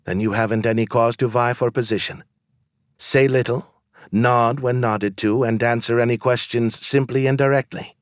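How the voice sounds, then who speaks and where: A man reading aloud voices a young serving woman in a storybook, speaking softly and often in a whisper. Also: mid-range voice, steady tone, moderate pace, no room sound, clean studio sound, voice pushed up, close to an everyday voice. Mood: instructive. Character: young woman servant, poised, secretly from the slums.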